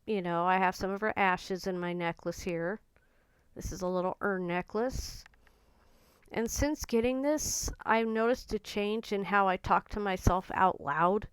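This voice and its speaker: A woman vlogger talking in an earnest, gentle and confiding way about her own feelings. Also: medium pitch, measured pace, clean tone, dry recording. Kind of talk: personal reflective talk to camera.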